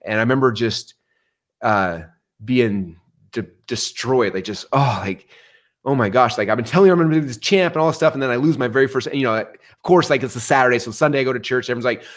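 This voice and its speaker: A middle-aged man telling stories in an interview, energetic and animated, acting out the voices he quotes. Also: mid-range voice, fast talker. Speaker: guest. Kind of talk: storytelling interview answer.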